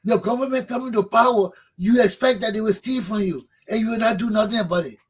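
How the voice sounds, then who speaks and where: Fervent husky man ranting. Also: high-pitched, fast talker, low-quality recording. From Liberia. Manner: fervent, preaching, repeats for emphasis, swears. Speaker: talk show host. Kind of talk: impassioned political monologue.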